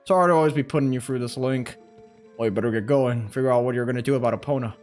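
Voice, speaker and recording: A man doing a deep gruff village mayor. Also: very fast, a little mellow, faint music behind, natural voice. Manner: low, gruff and fatherly.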